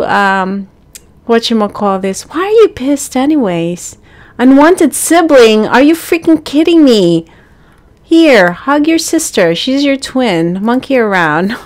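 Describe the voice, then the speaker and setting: Slow-talking woman narrating her gameplay. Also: a little high. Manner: chatty, talks to the game characters, bursts into excited exclamations. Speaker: gaming channel host. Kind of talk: casual gameplay commentary.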